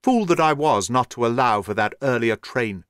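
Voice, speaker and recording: Man doing a quick commanding detective, urgent clear voice, dry close sound, storybook reading. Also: mid-range voice, expressive, fairly bright tone, no room sound, natural voice.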